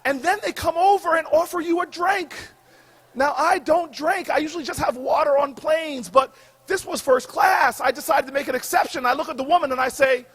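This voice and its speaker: A man in his forties tells a comic story from a podium, his voice pushed very high as he shouts the big lines. He builds in a preacher's rhythm and calls out to the crowd for a witness. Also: a little fast. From United States. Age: 40s. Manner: booming, shouted punchlines with preacher-like call and response. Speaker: commencement speaker. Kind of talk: humorous storytelling speech. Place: outdoor graduation ceremony stage.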